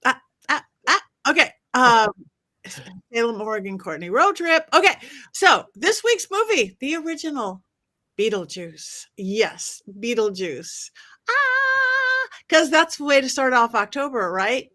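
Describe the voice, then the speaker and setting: A woman's voice: sits high, sing-song, normal speed, bright, forceful tone. A woman hosting a casual panel chat over a video call, bubbly and drawing out her opening words. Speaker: podcast host.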